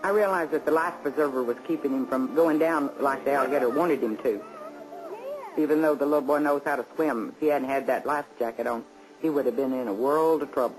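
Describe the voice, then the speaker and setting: A man's voice: medium pitch, fairly quick, rough recording. A man with a Texan accent describing what he saw, in plain, easygoing interview talk. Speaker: witness. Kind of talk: documentary interview. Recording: music underneath.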